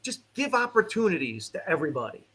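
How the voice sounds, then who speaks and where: High bright-voiced joking man. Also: fast talker, husky. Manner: animated, joking, emphatic. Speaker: comedian guest. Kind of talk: casual chat.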